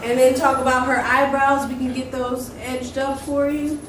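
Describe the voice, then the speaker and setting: A woman's voice: high voice, flat delivery, normal speed, fairly bright tone, faint music behind. A woman teaching children, coaching them through a scene in an encouraging, directive way. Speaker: teacher leading a children's film workshop. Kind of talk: classroom instruction, coaching young actors. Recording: echoey hall, far from mic, background noise.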